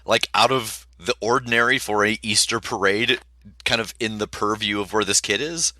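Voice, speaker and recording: A man playing a tabletop role-playing game, chatty and animated. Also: fairly low pitch, moderate pace, no room sound. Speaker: player.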